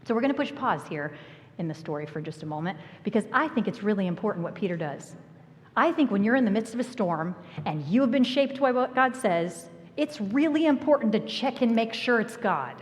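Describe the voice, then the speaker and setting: A woman delivers a sermon, retelling a story with animated voices and dropping into hushed whispers for emphasis. Her voice has a mid-range pitch and carries a long church-hall reverb. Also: brisk. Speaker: preacher. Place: church sanctuary.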